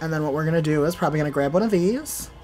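A young adult gaming host giving playful, chatty let's play commentary. The host talks back to the game characters and breaks into excited shouts during fights. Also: medium pitch, racing, faint music behind.

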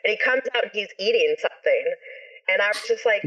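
This fast-talking woman has a mid-range voice and appears as a guest, a ska musician and actor, on a video call with dull, lo-fi audio. She tells a story casually and animatedly, cursing freely and performing people's lines.

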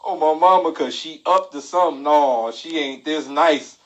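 A man telling a comic story on a live stream, animated and laughing, with frequent exclamations. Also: on the high side, moderate pace, muffled recording. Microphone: phone mic.

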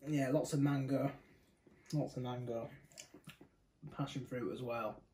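A man's voice: mid-range voice, steady tone, unhurried, warm tone, slight background noise, rough recording. A young man from the UK giving a casual, rambling beer tasting review, often correcting himself mid-sentence. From United Kingdom. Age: young adult. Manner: chatty, rambling, self-correcting.

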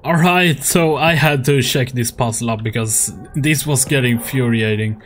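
A man's voice: mid-range voice, normal speed, a bit bright, faint music behind. A man commenting on a horror game as he plays it, swearing often and laughing at his own frustration. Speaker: gaming YouTuber. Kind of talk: let's play commentary.

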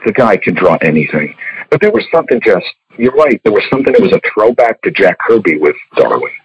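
Very animated and fast, this older comics artist and ex-editor has a fairly low, slightly rough voice, with no room sound and dull lo-fi audio. He tells stories frankly in a casual interview, cursing without restraint.

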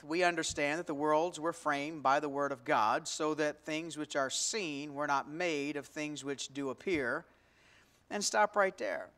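Slow, emphatic preaching pastor. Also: male voice, fairly high pitch. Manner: prays softly, then preaches with rising emphasis and questions to the congregation. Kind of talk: sermon. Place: church sanctuary.

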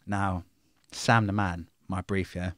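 A man's voice: sits low, fairly even intonation, takes it slowly, a bit bright, no echo, studio quality. A middle-aged man, telling his life story bluntly in an interview, full of swearing and street slang. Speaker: interview guest.

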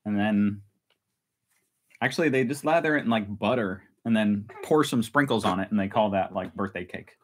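Chatty low-voiced man hosting a live stream. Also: normal speed, rough recording. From United States. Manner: chatty, self-mocking, laughs often. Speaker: channel host. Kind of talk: casual live stream chat.

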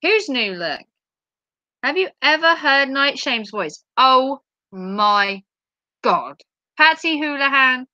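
A woman's voice: high voice, big pitch swings, slow, long pauses, bright, forceful tone, no room sound, highs cut off. A woman hosting a live stream, reading out viewer comments in a giggly, playful chat. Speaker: livestream host.

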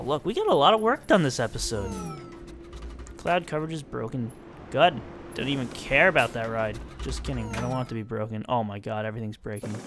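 A man's voice: mid-range voice, noisy background. A young man giving casual, self-mocking commentary while playing a building game, talking to himself as he works. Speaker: let's-play gamer.

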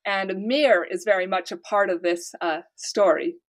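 Woman author in a relaxed chat. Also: medium pitch, moderate pace. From United States. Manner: chatty, storytelling with light laughs. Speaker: author guest. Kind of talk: casual interview chat.

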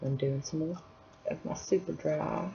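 A woman's voice: low voice, fairly even intonation, unhurried, gravelly, mellow. A woman chatting casually through a nail art tutorial at home, apologetic and self-deprecating as she works. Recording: dull lo-fi sound, faint hiss.

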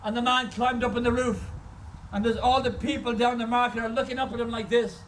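A man's voice: very high voice, fairly even intonation, a little fast, a bit bright, distant mic, slight background noise, rough recording. A man preaching an impassioned sermon as a guest speaker, telling stories at an outdoor car park service.

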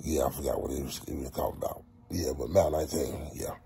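A man rambling casually through a profane movie review, swinging into loud animated rants. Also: very deep voice, fast, creaky.

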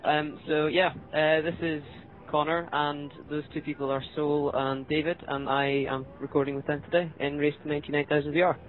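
A young man with a slightly high voice commentates a racing game with friends, excitable, yelping and groaning at every hit. His voice comes through a dull, lo-fi mic. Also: brisk, soft background music. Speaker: gaming channel host. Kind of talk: casual gameplay commentary with friends.

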